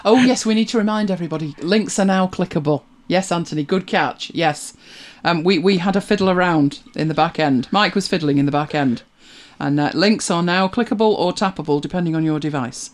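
A woman's voice: fairly low pitch, brisk, hardly any pauses. A British woman co-hosting a casual live stream, rambling through forum posts and viewer comments, humming to herself and chuckling as she goes.

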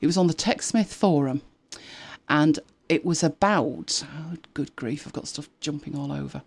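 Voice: medium pitch, normal speed, creaky, slightly rough. A host of a tech live show chatting casually, rambling with frequent restarts and exasperated asides. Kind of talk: casual chat.

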